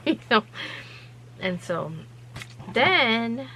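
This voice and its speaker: A woman's voice: on the low side, steady tone, a little slow, a bit bright, a little hiss or hum, poor audio. A woman hosting her own vlog, telling a story in a rambling, chatty way with lots of loose fillers. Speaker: vlog host.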